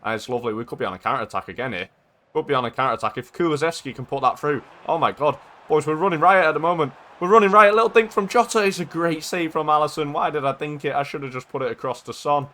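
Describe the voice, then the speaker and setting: A man talks through his football video game match in a casual, chatty way. His voice sits slightly high, and he gets loud and excited whenever a goal goes in. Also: fast. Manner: excitable, chatty, shouts at goals. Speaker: gaming YouTuber. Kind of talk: casual gameplay commentary.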